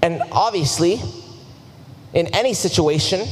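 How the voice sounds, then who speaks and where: A man's voice: high-pitched, lively intonation, a little slow. A young man preaching a sermon in a large church hall, telling personal stories in an earnest, casual and self-deprecating way. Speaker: youth preacher. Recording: long hall reverb, faint noise.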